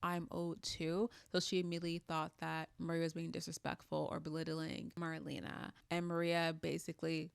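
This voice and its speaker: A woman's voice: sits low, level tone, brisk, gravelly, hardly any pauses, clean tone, no echo. A woman in her twenties giving a chatty, opinionated recap of a reality show, with plenty of casual fillers. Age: 20s.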